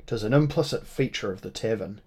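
A man's voice: on the low side, a little fast, mellow, slightly rough. A man voicing a proud Irish tavern keeper with an Irish accent, speaking with stern dignity.

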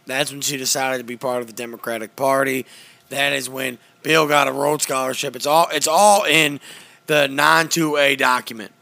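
Guy impersonating a gravelly, tense, shouting middle-aged conspiracy broadcaster, comedic impression. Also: medium pitch, fairly even intonation, moderate pace. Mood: ranting. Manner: ranting, loud, conspiratorial. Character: blustering male conspiracy radio host, middle-aged.

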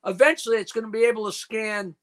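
A man's voice: high-pitched, fairly even intonation, quick pace. An older man in his seventies from New York, a comedian guest in a casual call-in chat, rattling off dirty jokes and stories.

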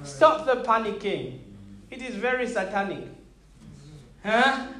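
A woman in her thirties preaching a sermon, animated and laughing often, checking in with her listeners and repeating words as she thinks. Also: on the high side, slow pace. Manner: repeats words when searching for them.

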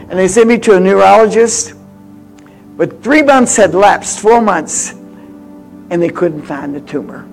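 A woman in her eighties with a mid-range voice preaches a sermon woven with personal stories, swinging from loud exhortation to hushed confiding.

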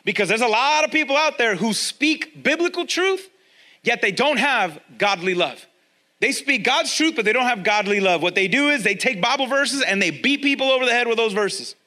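Male pastor, high bright voice, lively conversational sermon delivery with emphatic repeats, church setting. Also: normal speed. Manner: energetic, conversational, repeats key lines for emphasis. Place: church with a congregation, also streamed online.

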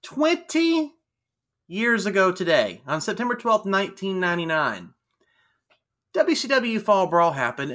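A man co-hosting a casual podcast, recapping wrestling with quick jokey asides. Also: sits high, a bit bright. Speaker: podcast co-host.

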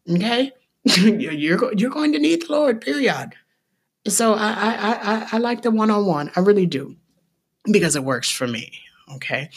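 A woman with a fairly high, husky voice teaches the Bible on a podcast in a casual, emphatic preaching style. She fires off rhetorical questions and closes her points with a checking "okay?"

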